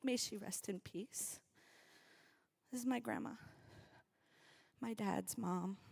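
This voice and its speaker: A woman from North Dakota giving an energetic rally speech, calling out to the crowd and leading them through an exercise. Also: medium pitch, slow, creaky. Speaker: speaker at a climate rally. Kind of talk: rally speech to a live audience.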